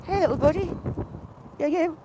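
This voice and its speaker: A woman's voice: extremely high pitch, normal speed, noisy background. A woman live-streaming outdoors on a phone, chatting casually with viewers by name and cooing at animals as she walks. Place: outdoors in fields and hedgerows. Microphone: phone on a gimbal with headphone wire.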